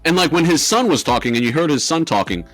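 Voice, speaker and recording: A man's voice: a little high, expressive, fast, fairly bright tone, soft background music. A man co-hosting a podcast, telling a ghost story in rambling casual chat with lots of swearing and fillers. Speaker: podcast co-host.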